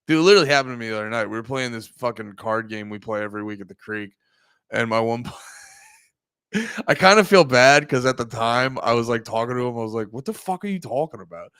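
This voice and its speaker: A young man, hosting a livestream and rambling through loud, profane casual commentary. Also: medium pitch, brisk, clean tone, dry recording. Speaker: livestream host.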